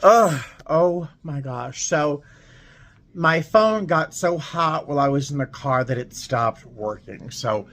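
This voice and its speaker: A man's voice: on the high side, expressive, takes it slowly, a bit bright. A man, a flight attendant, telling a story in a casual vlog. He talks in an emotional, dramatic way, with sudden emphatic swings.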